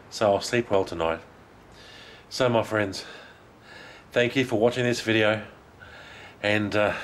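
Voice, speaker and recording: Breathless, excited man out walking. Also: fairly low pitch, a little hiss or hum. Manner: excited, laughing often, chatty. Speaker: vlogger. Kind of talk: casual vlog while walking. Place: outdoors in a park.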